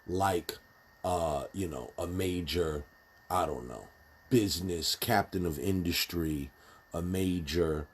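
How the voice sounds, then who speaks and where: A man's voice: low-pitched, darkish tone, husky. A man giving a casual, blunt spoken commentary, emphatic and full of restarts. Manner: emphatic, many fillers and restarts, speaks bluntly.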